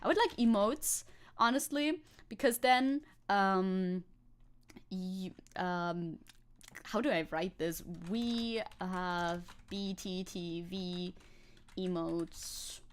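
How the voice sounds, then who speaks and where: A woman's voice: medium pitch, drawn-out words. A woman streamer chatting casually with her viewers, rambling and laughing often as she types. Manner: rambling, giggly, talks to chat while typing. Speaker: VTuber streamer. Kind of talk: casual live-stream chat.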